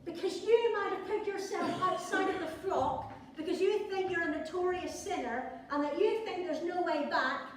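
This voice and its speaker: Woman preacher, high voice, chatty sermon with jokes; distant mic, very echoey church. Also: moderate pace, few pauses, a little hiss or hum. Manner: conversational with playful asides. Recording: echoey church hall from far off.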